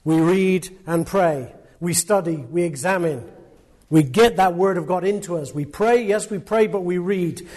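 High-voiced earnest male preacher. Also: moderate pace, a little mellow. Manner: earnest, emphatic, stacks repeated words and questions. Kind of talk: sermon.

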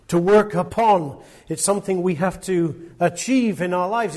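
A man's voice: high voice, a little mellow. A man preaching a sermon, earnest and emphatic, stacking repeated words and pressing questions on his listeners.

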